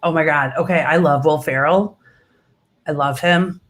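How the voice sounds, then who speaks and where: A woman's voice: deep voice, normal speed. Chatty woman stand-up comic as interview guest, gushing, filler-heavy, laughs easily. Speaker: comedian guest. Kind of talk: casual interview chat.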